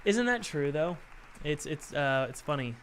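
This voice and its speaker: Chatty, bright-voiced male game dev streamer. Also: on the high side, very animated, measured pace, a faint crowd, slight background noise. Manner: chatty, jokey, thinks aloud while working. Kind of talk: casual live-stream chat.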